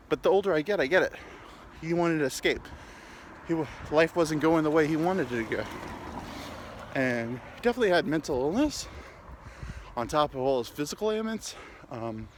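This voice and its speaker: A man's voice: medium pitch, a little hiss or hum. Rambling crude man walking outdoors. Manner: candid, crude, meandering. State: slightly winded, walking uphill. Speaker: podcast host. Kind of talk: rambling comic monologue.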